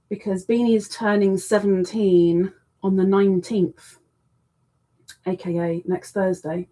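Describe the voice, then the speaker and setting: A woman's voice: medium pitch, dark tone, breathy edge. A woman hosting a casual crochet live stream, chatting with viewers, reading their messages aloud and cooing to her cat. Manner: coos affectionately to her cat between greetings.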